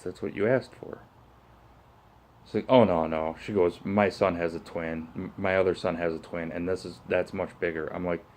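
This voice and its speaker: A middle-aged man with a notably low voice tells a story in a casual vlog rant. He rambles, restarts his sentences and leans on fillers as he goes. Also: a little mellow. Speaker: vlogger.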